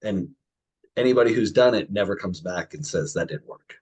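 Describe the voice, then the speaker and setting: Male podcast host, lowish husky voice, encouraging and a bit halting. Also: animated, darkish tone. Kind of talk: casual chat.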